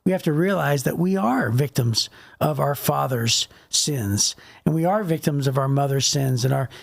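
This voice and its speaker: A man's voice: mid-range voice, moderate pace, gravelly. A middle-aged man co-hosting a faith podcast, talking in a loose, rambling way and acting out quotes. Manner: rambling, acts out quotes in little voices. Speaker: podcast co-host. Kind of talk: casual faith discussion.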